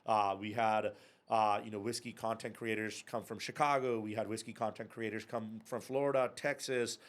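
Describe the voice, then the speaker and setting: An animated man in his thirties spins anecdotes as a podcast guest. He swears freely and laughs through his own story, speaking in a casual, unpolished way. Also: on the low side, moderate pace. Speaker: podcast guest, whiskey club and bar owner.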